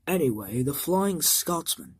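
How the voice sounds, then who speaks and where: A grave, proud steam engine from a homemade toy-train story, which a woman puts on. The lines come out loud and emphatic, pitched low and delivered at an unhurried pace. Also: sing-song, slightly rough, exaggerated voice.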